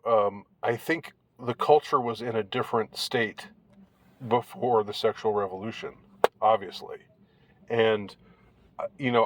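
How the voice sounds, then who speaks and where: A man giving casual commentary on an article, rambling and halting with many restarts, in a wry tone. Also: fairly low pitch, no room sound.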